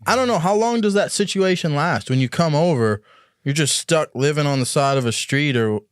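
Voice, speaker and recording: A man's voice: on the high side, expressive, fairly quick, clear, resonant tone, dry recording, studio quality. A man hosting a casual podcast chat, asking long, rambling questions and working through his points aloud. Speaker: podcast host.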